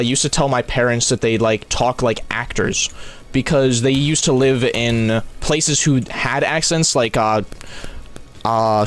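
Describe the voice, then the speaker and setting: A young man from New Mexico with an American accent, streaming live and chatting with his viewers, swinging between yelling and talking normally and saying bro a lot. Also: mid-range voice.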